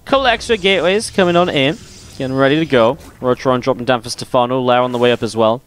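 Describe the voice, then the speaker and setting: Commentating a live esports match, a male caster and stream host calls the play and jokes playfully with viewers between moments of action. He has a medium-pitched voice and talks fast.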